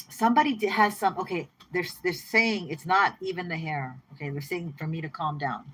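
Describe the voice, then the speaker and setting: A woman giving a casual tarot reading to her viewers, chatty and excitable, often repeating herself and laughing. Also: fairly low pitch, slightly rough, low-quality recording. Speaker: tarot reader.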